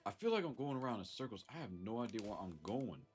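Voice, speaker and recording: A man's voice: on the low side, very animated, fast talker, soft background music. A man with a Southern US accent, chatting casually on a live stream and thanking chatters, sounding congested from a sinus infection. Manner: laid-back, chuckles often, thanks chatters.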